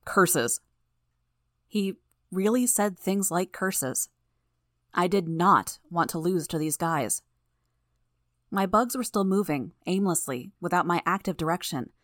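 A woman narrating an audiobook in the first person, with steady, measured storytelling. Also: lowish voice, dry recording, clean studio sound.

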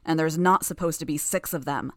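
A woman's voice: brisk, no echo, studio quality, close to an everyday voice. A woman doing a growling, menacing boy gang leader. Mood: angry. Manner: low, growling and commanding.

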